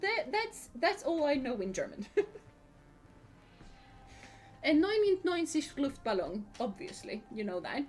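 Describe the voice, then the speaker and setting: A woman's voice: high-pitched, very animated, a little slow. A woman from Sweden, streaming a game in casual chat, giggling often and answering comments from chat.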